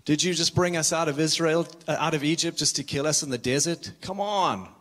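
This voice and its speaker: Brief: man putting on high, whiny, exasperated grumblers in a sermon retelling. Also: fairly quick, fairly bright tone, natural voice. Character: grumbling thirsty Israelites complaining to their leader.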